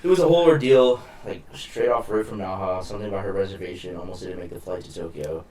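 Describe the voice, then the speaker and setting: A man's voice: deep voice, fast, crowd noise. A young man chatting on a podcast, swearing freely as he tells a story and acts out the people in it. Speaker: podcast co-host. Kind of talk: casual chat.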